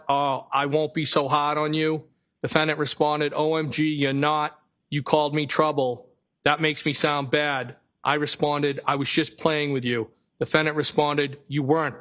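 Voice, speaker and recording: A man testifying as a witness in a courtroom, reading messages aloud in a careful, flat way and sometimes correcting himself. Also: fairly high pitch. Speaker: trial witness.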